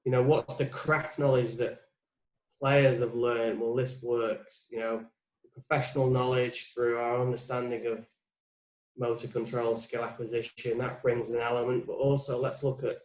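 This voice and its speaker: A man's voice: medium pitch, little pitch movement, normal speed. A man in his forties, a putting coach being interviewed, talking casually and reflectively, thinking aloud with frequent restarts. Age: 40s. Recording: roomy, echoey sound.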